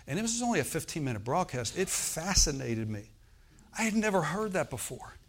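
A man's voice: on the high side, sing-song, brisk. A man preaching a sermon, telling a personal healing story and often asking the congregation "Amen?". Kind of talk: sermon testimony.

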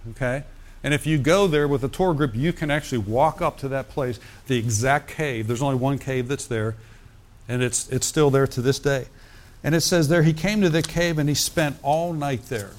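A man preaching, reading scripture aloud and breaking off to comment in a conversational way. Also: mid-range voice. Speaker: pastor. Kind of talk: sermon.

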